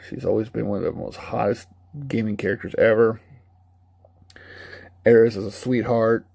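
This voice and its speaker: Gravelly-voiced man giving a rambling review. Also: lowish voice, warm tone, no room sound. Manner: rambling, candid, laughs at his own retellings. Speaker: game reviewer. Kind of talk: casual spoken review.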